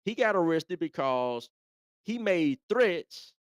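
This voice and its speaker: A man's voice: fairly high pitch, sing-song, takes it slowly, dry recording, clean studio sound. A man hosting a live show, talking in a laid-back, chatty way and often repeating himself. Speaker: host. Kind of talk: casual live commentary.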